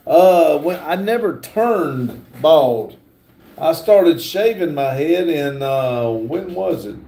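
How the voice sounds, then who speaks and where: Slow-talking man reading his stream chat. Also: on the high side, dark tone. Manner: reads viewer comments aloud, drawls with fillers. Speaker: livestream host reading chat. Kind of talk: casual livestream chat. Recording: echoey room.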